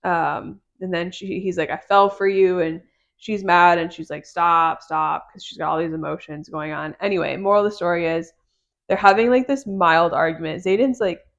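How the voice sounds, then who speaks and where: Woman podcaster, slightly low voice, chatty, goes through the plot of a book. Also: a little fast, highs cut off. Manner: chatty, retells scenes with quoted dialogue. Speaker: podcast co-host. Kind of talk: casual book discussion.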